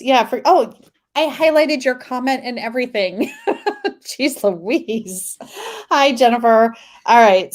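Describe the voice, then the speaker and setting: A woman's voice: high-pitched, darkish tone. A woman hosting a tarot live stream, chatting casually, reading viewer comments aloud and laughing often.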